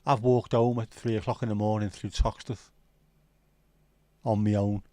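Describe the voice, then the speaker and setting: The livestream host's voice is lowish, level and dark-toned, delivered at normal speed with no echo. He's a middle-aged man with a South Liverpool Scouse accent, casually chatting and telling rambling stories peppered with swearing.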